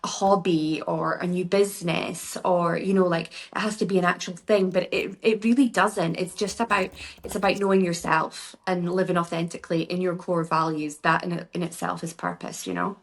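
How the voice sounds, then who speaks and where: A Scottish woman speaks as a podcast guest with a somewhat low-pitched voice. Her talk is chatty and rambling but upbeat, running from one thought to the next. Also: fairly even intonation, moderate pace, gravelly. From Scotland. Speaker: guest, beauty business founder. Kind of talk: casual podcast interview.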